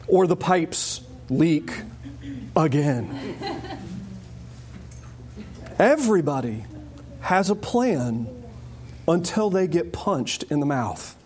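A man preaching to his congregation with a high voice. He talks in an animated, joking way and slips into quoted voices as he explains the text. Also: slow, pauses often. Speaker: pastor. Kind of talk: sermon.

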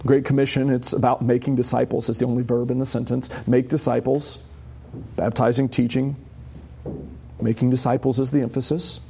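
A man's voice: medium pitch, little pitch movement, a little fast, vocal fry, dark tone, slight background noise. A man preaching a sermon as a pastor, conversational and emphatic, asking the congregation rhetorical questions. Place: church.

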